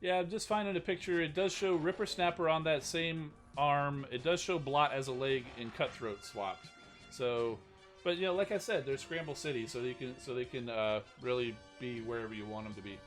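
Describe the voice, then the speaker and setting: A man's voice: medium pitch, moderate pace, soft background music. A man hosting a live stream, chatting casually about toy news and reading out chat questions, rambling with many restarts. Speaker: stream host.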